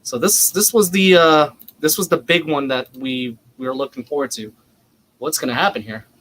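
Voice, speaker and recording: A man co-hosting a live wrestling watch-along, reacting emotionally and excitedly as events unfold on screen. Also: on the high side, normal speed. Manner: excitable, reacts loudly and swears; anxious, emotional live commentary.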